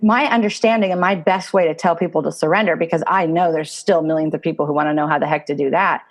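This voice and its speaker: A woman's voice: sits low, fast talker. A woman guest on a podcast, speaking earnestly and reflectively, explaining her view through everyday examples. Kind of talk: casual conversational interview.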